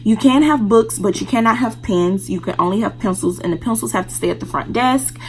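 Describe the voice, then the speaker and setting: A woman's voice: medium pitch, a little fast, darkish tone, poor audio. A woman vlogger telling a personal story in a candid, casual way, speaking straight to her viewers.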